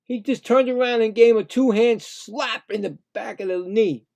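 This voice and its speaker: A man giving casual, excitable play-by-play of a hockey game, indignant and rambling with frequent restarts. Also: high-pitched, normal speed, vocal fry. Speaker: live play-by-play streamer.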